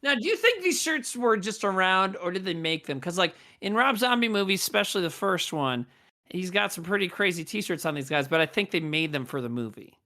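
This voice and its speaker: A man's voice: high-pitched, very animated, brisk, pushed and bright. A man co-hosting a podcast, joking crudely and rambling in casual chat. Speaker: podcast co-host.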